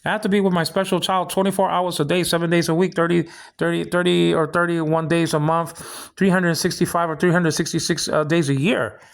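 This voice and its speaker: A vlogger rants through a rambling personal monologue, complaining indignantly, tripping over repeated words and restarting his sentences. His voice is a little high and gravelly, brisk, with little change in pitch.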